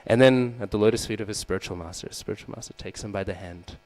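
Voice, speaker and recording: A man with a low, deep voice gives a sermon to a group of listeners. He tells the story lively, acting out the figures in it, and keeps checking in with "right?" and "hmm?" as he goes. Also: fast talker, low-quality recording. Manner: storytelling, acts out the quoted figures; asks the audience questions, often adds "right?" and "hmm?". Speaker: speaker giving a scripture class.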